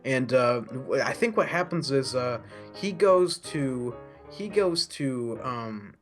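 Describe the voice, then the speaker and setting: A man's voice: medium pitch, expressive, takes it slowly, fairly bright tone, soft background music. A man co-hosting a casual movie review, rambling with lots of fillers and restarts. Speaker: co-host.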